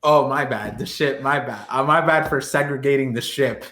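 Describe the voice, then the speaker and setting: A man in loose podcast banter, jokey and crude, laughing again and again. His voice sits at an ordinary pitch. The room around him rings with echo. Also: moderate pace, fairly bright tone. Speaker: podcast co-host. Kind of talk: casual chat. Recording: roomy echo.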